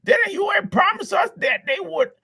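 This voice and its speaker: A man voicing a panicked townsperson in a crowd, shouting in a screeching falsetto. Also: lively intonation, a little slow, vocal fry, heavily acted. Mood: panicked, accusing.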